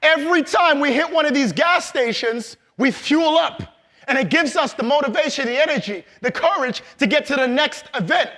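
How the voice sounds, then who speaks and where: A man giving a loud, hyped motivational training talk to a live audience in a large event hall, calling on the crowd and laughing. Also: very high voice, normal speed. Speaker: motivational speaker.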